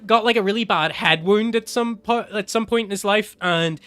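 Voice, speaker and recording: A man's voice: high-pitched, normal speed, fairly bright tone, smooth, soft background music. A young man giving rambling, jokey, sweary commentary while playing a video game. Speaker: gaming video host. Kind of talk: let's play commentary.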